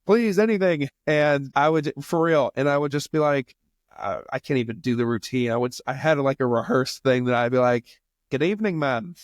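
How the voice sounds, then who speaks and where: A man's voice: medium pitch, steady tone, a little fast, clean tone, no room sound, clean studio sound. A man in his thirties hosting a casual chat, telling joking, rambling anecdotes. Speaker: podcast host.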